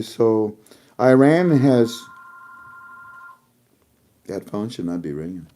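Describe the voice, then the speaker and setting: A man hosts an online show and talks his viewers through the news in a loose, chatty way, laughing often. His voice swings widely up and down, sitting at a middle pitch. He addresses his audience like family. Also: mellow. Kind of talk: casual commentary to viewers.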